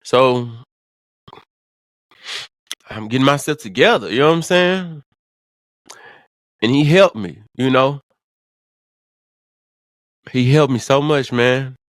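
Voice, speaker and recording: A man vlogging, telling an emotional personal story in profane slang, stammering and swinging from hushed to excited. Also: mid-range voice, slow, pauses often, dry recording.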